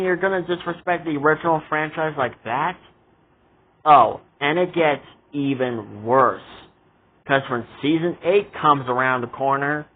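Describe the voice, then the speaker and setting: A man's voice: fairly high pitch, husky. A man in a casual vlog rant, exasperated and indignant as he complains about a show. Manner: exasperated, indignant ranting with repeated asides. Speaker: vlogger reviewing a show. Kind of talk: casual ranting commentary. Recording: tinny phone-like audio.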